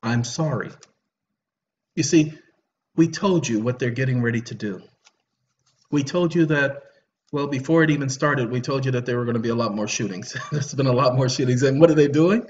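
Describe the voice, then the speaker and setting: A man's voice: medium pitch, normal speed, dull audio. A man giving a preachy, lecturing monologue to his viewers, repeating himself and apologizing sarcastically. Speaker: online commentator.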